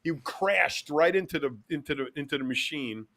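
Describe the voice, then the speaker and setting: A man co-hosting a live podcast, telling stories in an animated way and answering training questions directly. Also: on the high side, moderate pace. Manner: animated storyteller, repeats words. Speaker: podcast co-host. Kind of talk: casual chat, storytelling.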